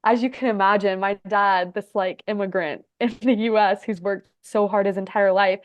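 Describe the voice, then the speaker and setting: A woman in her thirties from Egypt and Texas, telling her story as a podcast guest in a chatty way, full of "like" and quick laughs. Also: mid-range voice, fairly even intonation, dry recording. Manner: chatty, lots of "like", laughs often. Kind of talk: casual storytelling interview.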